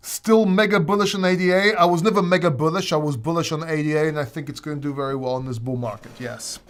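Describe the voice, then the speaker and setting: Laughing, joking crypto livestream host. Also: male voice, a little high, quick pace, hardly any pauses, fairly bright tone. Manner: joking, laughing often, rambling with restarts. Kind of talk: casual livestream Q&A.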